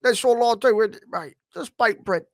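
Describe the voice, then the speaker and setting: A man's voice: high voice, normal speed, fairly bright tone, dry recording. A cocky gangster baker, as a man puts him on, leaning on his tag words. His delivery is smug and punchy. The recording is dry and close.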